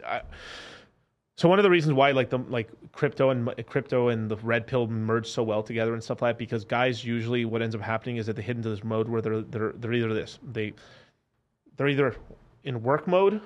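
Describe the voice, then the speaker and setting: A man in a casual podcast chat, rambling with many fillers like "like" and "I mean" and false starts. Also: medium pitch.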